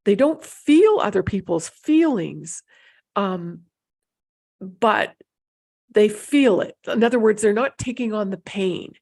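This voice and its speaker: A woman's voice: medium pitch, a little mellow. A middle-aged woman giving an unscripted talk as an intuition teacher, wandering between thoughts with frequent fillers and restarts. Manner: meandering, restarts with many fillers.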